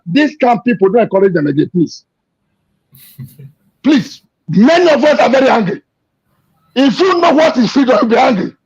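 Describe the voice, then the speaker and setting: A man giving an emotional, impassioned political rant, repeating himself and shouting in anger. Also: very high-pitched. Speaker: activist speaking to an interviewer. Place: abroad. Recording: dull lo-fi recording.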